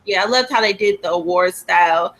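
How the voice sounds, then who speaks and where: A woman's voice: lowish voice, a little fast, fairly bright tone. A woman in casual livestream chat, talking in a laid-back, slangy way.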